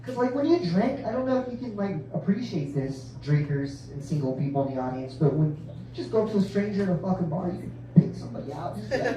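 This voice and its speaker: A man's voice: high voice, expressive, quick pace, mellow. A man doing a stand-up set, rambling and profane, often laughing at his own jokes. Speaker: stand-up comedian. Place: comedy club stage. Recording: echoey club from far off.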